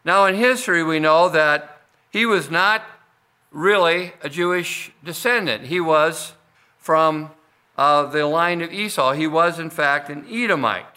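A man delivers a sermon in a slightly high, bright and forceful voice. He works through scripture at a measured pace, pausing on fillers and restarting phrases as he goes. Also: smooth. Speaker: pastor.

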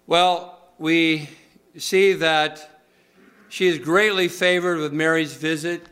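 A man's voice: fairly high pitch, fairly even intonation, slow, fairly bright tone. A male pastor preaching a sermon in a conversational, folksy way, with many filler uhs.

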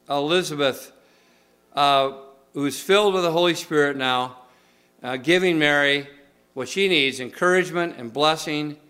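Guy preaching, folksy and chatty, lots of uhs, bright kinda tense voice, bit high. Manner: conversational, folksy, many filler uhs. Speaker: pastor. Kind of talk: sermon.

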